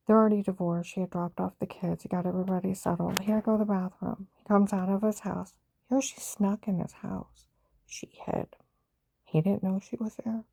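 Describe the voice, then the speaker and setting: An older woman vlogger with a gravelly, dark-toned voice of medium pitch tells her own story intensely and urgently. Her account rambles from one thing to the next, recorded close and dry with no room sound.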